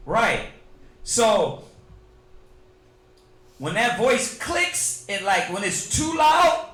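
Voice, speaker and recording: A man's voice: high voice, sing-song, slow pace, long pauses, fairly bright tone, reverberant. A man teaching scripture in a loose, joking way, with street slang. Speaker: Bible study teacher.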